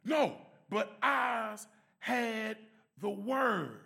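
A man giving an emphatic church testimony and prayer, swinging from shouts to soft prayer. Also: high voice, big pitch swings, slow pace, vocal fry, pauses often.

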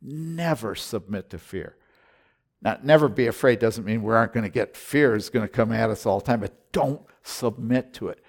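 A male pastor delivers a sermon to his congregation. He swings from quiet, hushed storytelling to loud, stretched-out words of exhortation. His voice sits in a middle pitch for a man. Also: moderate pace, creaky.

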